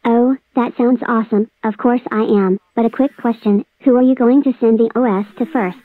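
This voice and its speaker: A woman's voice: on the high side, fairly even intonation, moderate pace, no room sound, natural voice. A synthetic female text-to-speech voice playing an eager cartoon cat sidekick. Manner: eager, agreeable. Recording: dry tinny phone-like audio.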